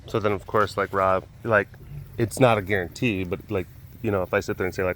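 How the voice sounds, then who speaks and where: A man's voice: sits low, fairly even intonation, brisk, a bit bright, a little hiss or hum. Rambling playful man outdoors. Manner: rambling, playful, chatty with the animals. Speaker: animal keeper vlogger. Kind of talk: casual walk-around vlog. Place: outdoors at a rural animal facility.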